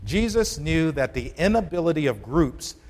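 A man's voice: fairly high pitch, very animated, normal speed. A man preaching a sermon to a congregation in a conversational, emphatic way, often asking them questions. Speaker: pastor. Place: church sanctuary. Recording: long hall reverb.

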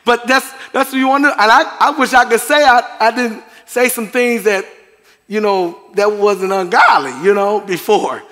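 A man's voice: high voice, normal speed, fairly bright tone. A middle-aged man preaching a sermon to a congregation, chatty and conversational, with chuckles and asides. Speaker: pastor. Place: church sanctuary. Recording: long hall reverb.

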